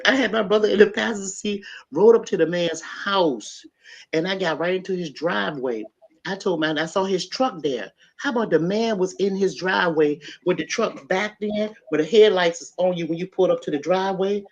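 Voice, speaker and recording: A middle-aged woman hosting a podcast, telling a story in an animated, emphatic way and talking straight to her listeners. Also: on the low side, moderate pace. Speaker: podcast host. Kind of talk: casual storytelling chat. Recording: dull lo-fi sound.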